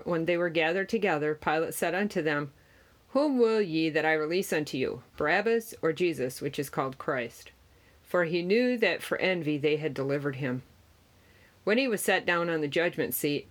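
A reader giving a Gospel passage in archaic wording, steady and measured with small stumbles. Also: medium pitch. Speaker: scripture reader.

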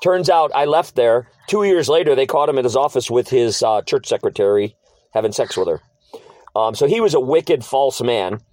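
A man's voice: mid-range voice, expressive, moderate pace, darkish tone, no room sound. A middle-aged man telling his life story as an interview guest, earnest and casual, acting out old conversations and repeating short phrases.

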